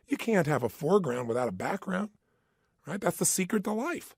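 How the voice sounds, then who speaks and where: A man's voice: high voice, big pitch swings, fairly quick, gravelly, husky, no room sound, clean studio sound. A man giving an emphatic motivational talk, acting out the voices in people's heads. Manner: emphatic, acts out inner voices. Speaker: motivational speaker.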